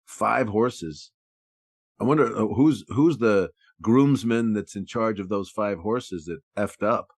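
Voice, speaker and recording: Low-pitched male co-host, casual jokey banter, dry close sound. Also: slow, no room sound. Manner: joking, riffing, with restarts. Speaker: podcast co-host. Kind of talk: casual chat.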